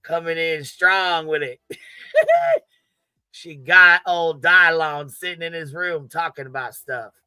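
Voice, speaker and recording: Brash man ranting on his stream, swears a ton, cackles, bright punchy voice, dead dry mic. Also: a little high, steady tone, slow, clean tone, dry recording. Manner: profane, laughing, trash-talking. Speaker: livestream host. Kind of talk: brash commentary livestream.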